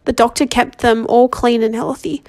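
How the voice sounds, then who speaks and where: This amateur volunteer audiobook reader is a woman whose voice is a little high for a woman, steady and darkish in tone. Slightly under the weather, she reads a novel haltingly, often tripping and going back to fix a word. The reading is plain.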